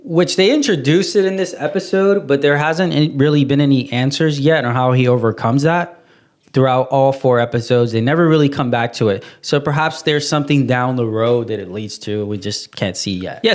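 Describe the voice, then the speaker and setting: A man co-hosting a casual show recap, talking with animated, jokey asides and frequent laughter. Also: medium pitch, brisk. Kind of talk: casual reaction chat.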